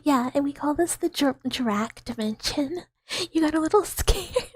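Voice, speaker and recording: A young woman streaming, softly whispering and giggling through her chat in a whispered role-play as a mouse character. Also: high-pitched, animated, unhurried, dry recording. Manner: soft whispery chatter with frequent giggles. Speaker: VTuber streamer. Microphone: close ASMR microphone.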